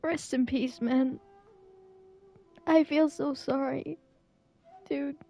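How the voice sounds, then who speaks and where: A woman's voice: high-pitched, steady tone, very slow, vocal fry, mellow. A young adult woman streamer reacting emotionally to a game story, tearful and laughing, on a close dry mic.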